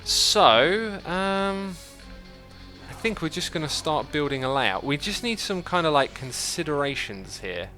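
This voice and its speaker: His voice sits on the high side, sing-song and a little slow, with a sharp tone and faint music behind it. The man hosts a livestream of a building game, chatting easily, thinking aloud while building, and reading out messages from viewers.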